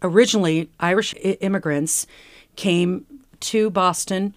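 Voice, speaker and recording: A woman's voice: on the low side, unhurried, no echo, studio quality. A woman stage actor speaking earnestly and reflectively in an interview. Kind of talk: conversational interview.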